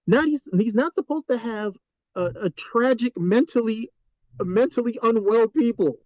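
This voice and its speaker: Opinionated man, dark dull lo-fi voice. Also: very high-pitched, normal speed, no echo. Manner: animated, opinionated, frequent restarts. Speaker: podcast co-host. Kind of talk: casual chat. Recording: dull lo-fi recording.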